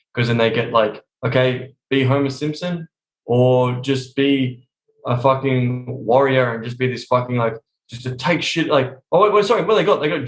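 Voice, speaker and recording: A man chatting on a podcast in a blunt, emphatic way, swearing constantly. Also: mid-range voice. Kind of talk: casual podcast chat. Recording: roomy echo.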